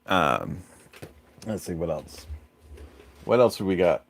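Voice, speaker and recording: A man hosting a livestream in a relaxed, rambling manner, pausing often on fillers. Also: low-pitched, vocal fry. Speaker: livestream host. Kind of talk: casual livestream chat.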